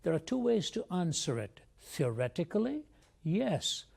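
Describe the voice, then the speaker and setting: Gravelly older guy from india, earnest and reflective, telling his story in an interview. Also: sits high, very animated, a little slow, a little mellow. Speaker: guest speaker. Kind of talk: personal testimony in an interview.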